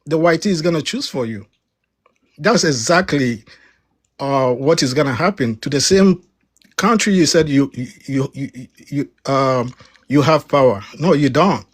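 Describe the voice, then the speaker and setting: An emphatic man from Africa speaks on a heated debate panel. His voice sits a little high for a man, and he repeats words and presses his points hard. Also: measured pace, slightly rough. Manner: emphatic, repeats words when cutting in, rising pitch on key points.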